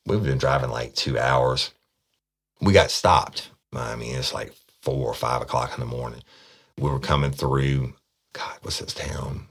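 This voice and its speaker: A man tells a story from his police work, casual and blunt. His voice sits extremely low. He swears freely and stumbles over repeated words as he talks. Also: unhurried, fairly bright tone, slightly rough. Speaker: police detective.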